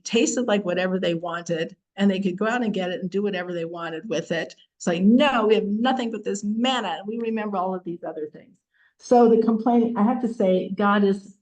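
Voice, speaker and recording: A middle-aged woman teaching a casual Torah class, chatty and expressive, acting out the verses with humor. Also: medium pitch, rough recording.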